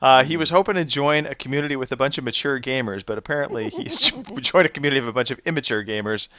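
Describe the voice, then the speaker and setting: A man's voice: mid-range voice, expressive, fast talker, fairly bright tone, no echo, dull audio. A man hosting a casual gaming podcast, easygoing as he reads out new members' introductions. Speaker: podcast host.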